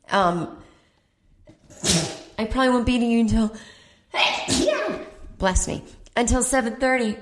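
A woman's voice: a little high, animated, measured pace, pauses often. A woman hosting a comedy podcast, telling a rambling story in a chatty, profane, self-mocking way and acting out the people she quotes. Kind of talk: casual storytelling monologue. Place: at home.

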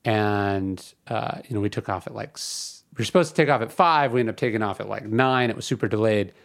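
A man's voice: lowish voice, fairly quick, creaky. A man in his thirties hosting a podcast, talking in a casual, emphatic way that slides into a rant. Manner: conversational, ranting, emphatic with repetition. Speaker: podcast host. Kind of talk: casual spoken commentary.

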